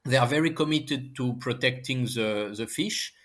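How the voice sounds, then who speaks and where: A man from France with a French accent, speaking English as a second language, talking casually as an interview guest and pausing often to find his words. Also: medium pitch, fairly bright tone. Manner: halting, searching for English words. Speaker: guest scientist and author.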